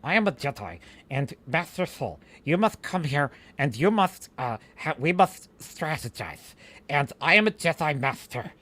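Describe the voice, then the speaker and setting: A man doing a mocking impression of a wooden, solemn female Jedi master who grinds every word out through her teeth. The delivery is slow and lower than his normal voice, flat and strained. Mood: stilted. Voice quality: stilted, talking through teeth. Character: stiff female Jedi master, mocked actress.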